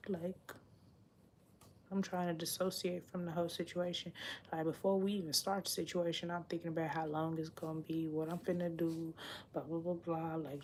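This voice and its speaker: A woman's voice: on the low side, darkish tone, a little hiss or hum. A young adult woman chatting casually on a livestream, blunt and profane, rambling and sometimes dropping into a whisper. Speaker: livestream host. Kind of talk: casual confessional livestream chat.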